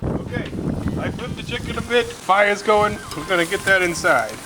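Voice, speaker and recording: A man's voice: high-pitched, moderate pace. A man hosting a casual cooking vlog, laid-back and jokey, rambling as he cooks. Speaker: cooking show host. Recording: roomy sound with background music.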